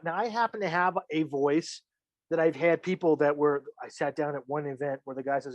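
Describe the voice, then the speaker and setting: A man's voice: a little high, normal speed, no echo. A man giving a casual filmmaking lesson, chatty and joking, acting out the reactions he imagines. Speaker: filmmaking instructor. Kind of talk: casual teaching monologue.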